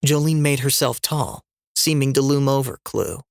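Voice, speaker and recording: Man reading an audiobook, steady and measured, mid voice, dry recording. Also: mid-range voice, vocal fry, no echo. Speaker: narrator. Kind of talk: audiobook narration.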